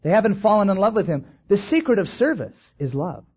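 A man with a husky, slightly raised voice delivers a sermon from the pulpit. He swells to emphatic peaks and then drags out key words slowly. The recording is dull and lo-fi. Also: sits high, very animated, darkish tone. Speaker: pastor.

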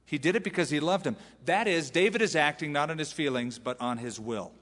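A pastor preaching a sermon, animated, acting out the lines he quotes from scripture. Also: a little high, a little fast, in a large hall.

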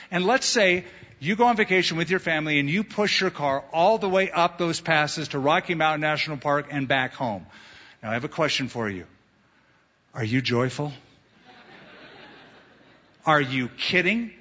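Male pastor, sermon delivery, bright husky tone, lo-fi church recording with long reverb. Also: fairly high pitch. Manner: animated preacher, acts out quoted voices. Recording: dull lo-fi sound in a reverberant hall.

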